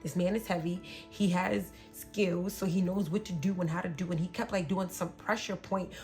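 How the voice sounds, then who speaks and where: A woman's voice: on the low side, fairly even intonation, moderate pace, darkish tone, soft background music. A young woman telling a painful personal story in a candid, emotional way, often acting out what was said. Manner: candid, emotional, slips into quoted voices.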